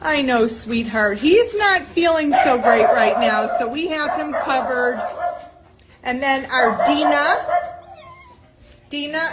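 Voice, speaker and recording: A dog rescue worker gives a live walkthrough of rescue kennels, laughing often and cooing at the dogs. Her voice is high-pitched, and the handheld phone recording in the indoor kennel carries heavy background noise.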